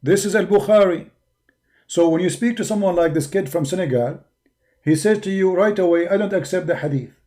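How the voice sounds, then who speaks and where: A man from the Arab world with an Arabic accent, speaking English as a second language with broken grammar, arguing forcefully in a preaching monologue. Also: high-pitched, moderate pace. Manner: forceful, argumentative, with non-native grammar. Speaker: religious debater.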